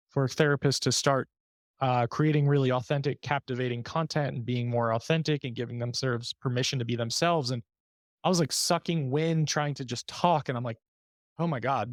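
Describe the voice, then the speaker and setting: A man hosts a podcast in a frank, reflective conversational tone, openly sharing his own setbacks. His voice sits at a middle pitch and is recorded close and dry, with no room sound around it. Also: no room sound. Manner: open, reflective, frank about struggles. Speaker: podcast host. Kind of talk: candid conversational podcast talk.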